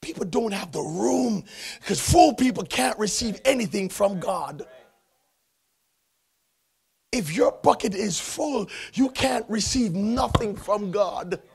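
A man preaching a sermon in church, swinging from hushed tones to loud shouting. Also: high-pitched, animated, slow, creaky, breathy edge. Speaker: pastor.

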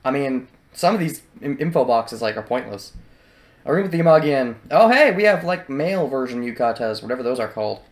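A man giving casual let's play commentary over a video game, chatty, sarcastic and excitable. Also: medium pitch, a little fast.

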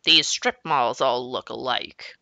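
A woman's voice: a bass voice, slow pace, sharp tone, no echo, pitched below the performer's own voice, exaggerated voice. A woman voicing a grumpy, stubborn middle-aged father in a children's book read aloud, speaking stern and clipped.

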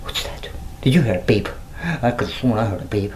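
A man's voice: lowish voice, a little fast, a little mellow, low-quality recording. A man chatting casually to viewers on a livestream, playful and giggly, often slipping into mocking sing-song voices. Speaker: YouTuber.

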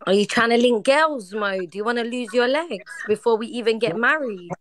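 A woman's voice: on the high side, normal speed. A young woman prank calling a man, playing a jealous would-be bride with mock declarations of love and outbursts. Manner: mock-lovesick, switching into Somali, loud complaining. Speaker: prank caller. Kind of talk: prank phone call.

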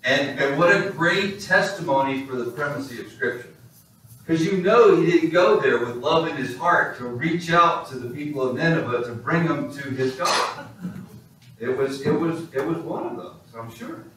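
A male pastor preaching a sermon in a church, animated and storytelling. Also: a little high, normal speed, slight background noise. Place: church sanctuary. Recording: echoey hall, distant mic.

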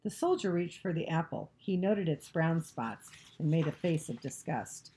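Low-voiced woman reading a novel aloud. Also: expressive, moderate pace, mellow. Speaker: narrator.

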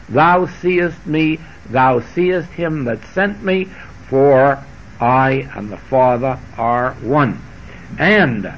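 A man delivers a spiritual lecture at a very slow, measured pace, his voice sitting fairly high for a man. He dwells on scripture phrases and repeats them with shifting emphasis. The sound is dull and lo-fi, like an old archival tape. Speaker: spiritual teacher.

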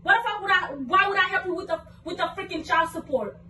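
A young woman vlogger arguing in anger, cursing and repeating herself, at times breaking into shouts. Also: very high voice, fast. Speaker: vlogger, girlfriend in a prank video. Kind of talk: heated casual argument. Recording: echoey room, mic at a distance, faint noise.

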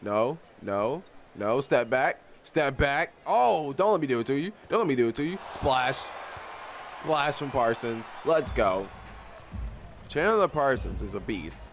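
A young man giving casual live commentary on his own basketball video game, excitable and often repeating himself as he talks to the players on screen. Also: mid-range voice, measured pace, slight background noise. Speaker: gaming YouTuber.

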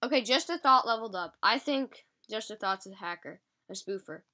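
A woman with a stuffy, sniffly nose giving casual, excitable gameplay commentary to her viewers. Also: mid-range voice, moderate pace. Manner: chatty, excitable, talking to viewers. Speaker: mobile game channel host.

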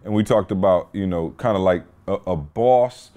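A man's voice: deep voice, normal speed, warm tone. A man hosting a podcast, telling a story in casual, slangy chat. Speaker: podcast host.

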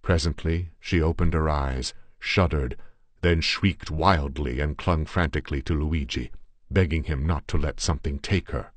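A man narrating an adventure story in the first person with a measured, dramatic reading. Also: very deep voice, no room sound. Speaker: audiobook narrator.

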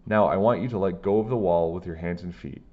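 A man voicing a bold, eccentric woman school custodian who acts like a superhero, with a brisk, commanding manner. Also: deep voice, phone-quality sound. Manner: brisk, commanding, self-assured.

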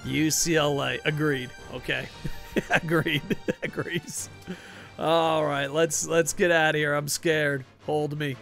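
Excitable young man streaming a game, gravelly, slightly high voice, faint music behind. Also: takes it slowly. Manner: excitable, swearing, joking with chat. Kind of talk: live game streaming commentary.

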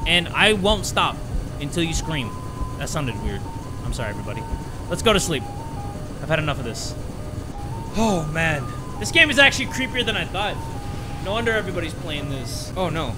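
High, animated man narrating a horror game. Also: a little fast, long pauses, music in the background. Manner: excitable, jokey, loud startled yelps. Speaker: gaming video host.

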